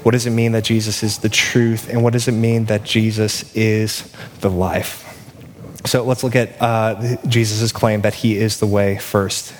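A man preaching a sermon in a conversational way, acting out dialogue with lively restarts. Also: on the low side, measured pace, slight background noise. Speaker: pastor. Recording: long hall reverb.

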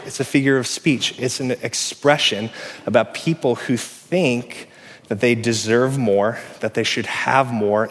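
A man in his thirties preaching a sermon as a pastor, telling stories conversationally and growing louder and animated on his key points. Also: mid-range voice, unhurried. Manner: conversational, animated storytelling, swells louder on emphasis. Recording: long reverb of a large hall.

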